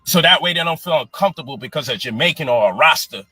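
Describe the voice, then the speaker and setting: A man's voice: fairly high pitch, animated, fast talker, bright, forceful tone, husky, no echo, soft background music. A man in a heated, profane live-stream rant, angry and exasperated. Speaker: online personality defending his program.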